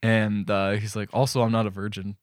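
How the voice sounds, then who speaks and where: A man's voice: lowish voice, little pitch movement, a little fast, no room sound, studio quality. A young man co-hosting a podcast, casually retelling a film's scenes and acting out lines with lots of fillers. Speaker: podcast co-host. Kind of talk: casual movie recap chat.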